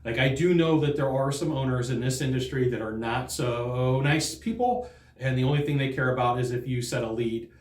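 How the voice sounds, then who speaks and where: A man's voice: mid-range voice, moderate pace, reverberant. A man talking earnestly and conversationally as a sales trainer, often restarting and repeating words as he makes his points. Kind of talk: direct-to-camera training talk.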